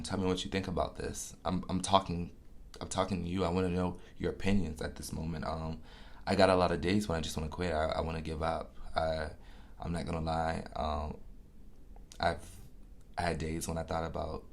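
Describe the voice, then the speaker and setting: Guy doing a chill podcast monologue, super low voice, kinda gravelly, open and confessional, curses casually. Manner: candid and confessional, swears casually. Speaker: musician hosting his own podcast.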